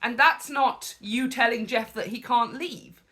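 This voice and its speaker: A woman hosting reaction commentary as a spiritual coach, talking in an animated, conversational way with preachy asides. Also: fairly high pitch, measured pace, slight background noise.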